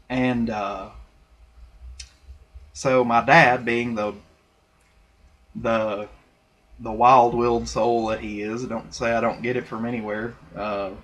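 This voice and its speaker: Speaking into his laptop's webcam mic, a young man vlogs a personal story, candid and rambling, with plenty of fillers and restarts. His voice sits at a medium pitch and sounds a bit bright and slightly rough.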